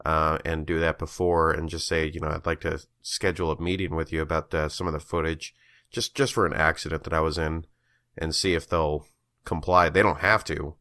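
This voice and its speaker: A man co-hosting a podcast, chatting casually and telling a story with animated energy, swearing and laughing along the way. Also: extremely low pitch, fairly quick, no room sound, studio quality. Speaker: podcast co-host. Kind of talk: casual chat.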